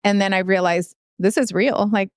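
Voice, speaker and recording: A woman in her thirties speaks as a guest on an interview podcast. Her voice is smooth and clear, recorded close and dry. She talks haltingly and often searches for words. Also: medium pitch, steady tone, no echo. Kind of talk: emotional interview storytelling.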